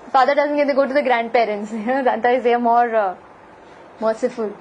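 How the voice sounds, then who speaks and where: A woman giving a devotional lecture, telling a scripture story in a lively way and asking her listeners questions. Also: a little high, fast, lo-fi sound, slight background noise. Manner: animated storyteller, asks the audience questions. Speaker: spiritual lecturer.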